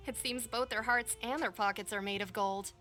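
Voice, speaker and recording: Actress as a thrifty game blacksmith, bright and high, soft music under. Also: female voice, moderate pace, lightly acted. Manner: pleasant, explanatory, matter-of-fact. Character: friendly, thrifty female blacksmith shopkeeper.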